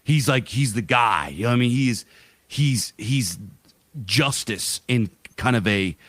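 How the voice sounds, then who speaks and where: A man of middle pitch talks loosely on a podcast, rambling, swearing freely and slipping into quick voiced asides. The sound is dry and close, with no room around him. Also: dry recording. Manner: rambling, profane, animated storytelling with voiced asides. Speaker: podcast co-host. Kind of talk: casual podcast chat.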